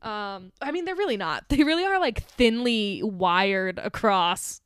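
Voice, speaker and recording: A woman co-hosting a podcast, talking loosely and excitedly as she recaps a film scene by scene. She laughs a lot and acts out lines from the movie as she goes. Her voice sits mid-range and is recorded dry and close, with no room sound. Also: medium pitch, unhurried, smooth, dry recording. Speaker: podcast co-host. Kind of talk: casual film chat.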